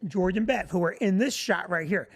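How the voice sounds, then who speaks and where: Woman, comedian-producer, mid pitch, steady detailed storytelling, talk-show anecdote. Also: normal speed.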